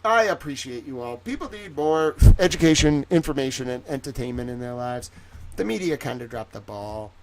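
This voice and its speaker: A man hosts a casual livestream, rambling and joking at a mid-range pitch. His voice swings between loud outbursts and quiet asides, and it stays loose and chatty throughout. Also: expressive, brisk. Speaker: livestream host.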